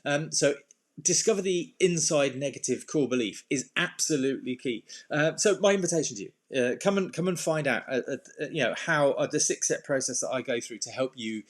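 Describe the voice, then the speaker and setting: A man talking casually as an anxiety coach, his voice sitting at an ordinary middle pitch. He rambles through restarts and fillers in an informal way, with the odd sudden, playful burst. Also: fairly quick. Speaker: anxiety and self-esteem coach. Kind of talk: casual talk to camera with slides.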